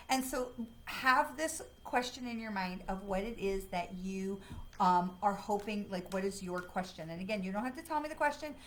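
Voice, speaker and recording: A woman hosting a live card-reading stream, chatty and excitable, with lots of fillers, talking from home. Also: mid-range voice, a little hiss or hum, rough recording. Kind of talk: casual livestream talk. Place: home, dog nearby.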